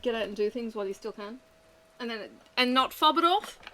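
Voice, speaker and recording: A woman's voice: fairly high pitch, expressive, fairly quick, pushed and bright. A middle-aged woman chatting candidly and rambling as she works, swearing freely. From Australia. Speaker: vlogger. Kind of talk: casual chat while working.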